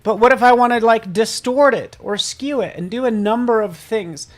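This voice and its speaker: An upbeat man runs a live software tutorial and talks straight to viewers in the chat. His delivery is casual and playful, and he jokes about himself as he teaches. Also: very high-pitched, moderate pace, soft background music. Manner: casual and self-joking. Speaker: host and software instructor.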